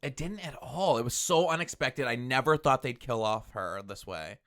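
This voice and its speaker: A man's voice: medium pitch, animated, moderate pace, fairly bright tone. A man hosting a podcast, talking casually and retelling scenes with emotional, gushing energy. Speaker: podcast host. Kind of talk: casual chat.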